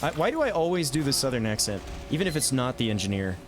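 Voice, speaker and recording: A man streaming a video game, chatting casually about his plays with self-amused asides and quick reactions. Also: mid-range voice, big pitch swings, slight background noise. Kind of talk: casual gameplay commentary.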